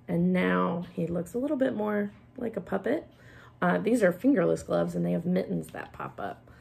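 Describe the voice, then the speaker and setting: A woman teacher giving a gentle, hands-on craft lesson for young children while she demonstrates each step. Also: lowish voice, vocal fry, husky.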